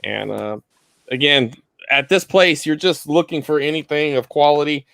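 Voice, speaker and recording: A man's voice: fairly high pitch, normal speed, creaky, fairly bright tone, no echo. A man co-hosting a live online collecting chat, talking casually and rambling with lots of fillers over a video call. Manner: rambling, loose, many fillers.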